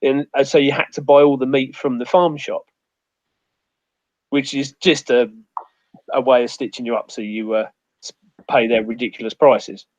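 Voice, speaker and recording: A man's voice: mid-range voice, steady tone, normal speed, long pauses, darkish tone, dry recording. A man with a rambling, sweary storytelling manner in a casual outdoors chat. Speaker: outdoors guest. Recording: muffled dry audio.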